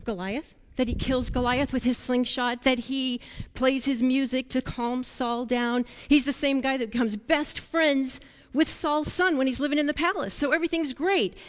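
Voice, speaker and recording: A woman leading a children's sermon, telling a Bible story in a playful, animated way and asking the children questions. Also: high voice, normal speed, long reverb tail.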